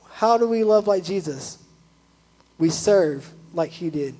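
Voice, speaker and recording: A young male youth pastor preaches in a loose, conversational way, scattering "like" through his sentences. His voice sits high and has a husky edge. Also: unhurried, pauses often, rough recording. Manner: chatty, animated, full of "like" asides. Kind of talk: casual sermon.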